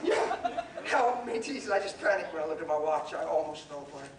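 A man preaching a sermon and telling stories, animated, laughing, and shouting at the peaks. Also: on the high side, fairly quick, heavy background noise. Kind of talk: sermon with storytelling. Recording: echoey hall from far off with crowd.

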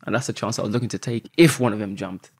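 A man, a podcast guest telling a story in an animated way and swearing often. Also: fairly low pitch, fast talker, husky, dry recording, clean studio sound.

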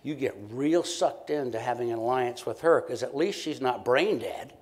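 A man speaking as a professor in a keynote lecture, his pitch sitting in the middle range. He talks in a loose, conversational way and stays animated. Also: normal speed. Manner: conversational, animated, acts out short quoted exchanges. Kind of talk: conference lecture.

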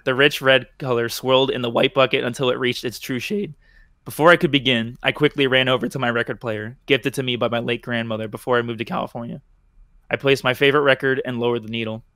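A man's voice: medium pitch, steady tone, fast talker, sharp tone, no echo, clean studio sound. A man hosting a podcast, reading a horror short story aloud, sometimes stumbling and restarting. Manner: stumbles and restarts, laughing at slips. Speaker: podcast host.

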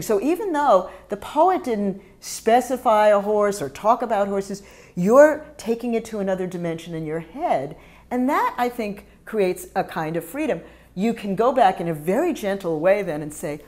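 A middle-aged woman who used to teach high school talks about her teaching, her voice swinging widely in pitch. She acts out little classroom exchanges as she goes and lets her feelings show. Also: animated, moderate pace, darkish tone. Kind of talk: casual interview talk about teaching poetry.

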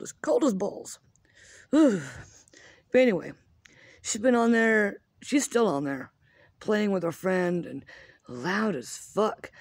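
A woman's voice: medium pitch, a little mellow, no room sound. A woman in her fifties ranting casually at home, rambling, swearing freely and poking fun at herself. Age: 50s. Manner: rambling, profane, self-mocking. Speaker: vlogger. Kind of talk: casual rant.

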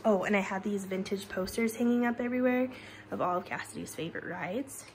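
A woman's voice: mid-range voice, brisk, a little hiss or hum. A woman in her thirties giving a chatty home tour vlog, recorded on a handheld phone in the rooms of a basement. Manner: chatty, laughs often, drops to a whisper in a spooky room. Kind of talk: casual walkthrough vlog.

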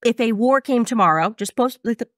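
Fast-talking chatty woman interviewer. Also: fairly high pitch, lively intonation, no echo, clean studio sound. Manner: chatty, fast, fillers, quotes others in put-on voices. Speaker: interviewer, political commentator. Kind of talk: casual conversational interview.

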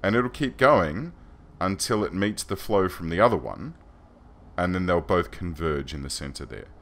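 Man, Australian accent, very low pitch, chatty let's play commentary, self-deprecating. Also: expressive, moderate pace, fairly bright tone. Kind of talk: gameplay commentary.

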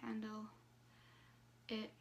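A woman from Sweden with a Swedish accent, telling a story to her phone camera in a halting way, full of ums and likes. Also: medium pitch, monotone, vocal fry, slight background noise. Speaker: vlogger.

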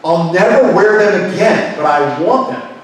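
A man's voice: high voice, expressive, measured pace, heavy reverb, recorded from a distance, pitched above the performer's own voice, low-quality recording. A man voicing his wife as she gushes over a pair of shoes she wants. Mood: eager. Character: giddy wife craving new shoes.

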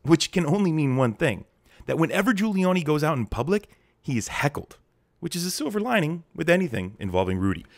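A man's voice: a little high, very animated, brisk, no room sound, clean studio sound. A man hosting a political commentary show, narrating a script in a sarcastic, mocking tone.

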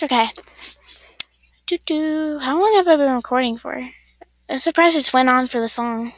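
A woman's voice: sits high, moderate pace, long pauses, dry recording. A woman streamer chatting casually while playing a game, rambling and talking to her chat.

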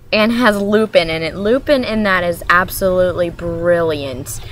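A woman's voice: medium pitch, a little slow, a bit bright. A woman from Maryland chatting casually in a vlog, talking in a hyper, rambling way that jumps from topic to topic. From Maryland, USA. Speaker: vlogger.

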